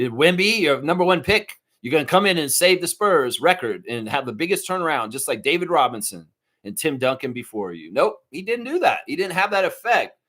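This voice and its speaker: A man hosting a live stream, chatting casually, reading viewer comments and breaking into mocking outbursts. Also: on the high side. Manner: animated, swings into mocking impressions and shouts; reads and answers viewer chat.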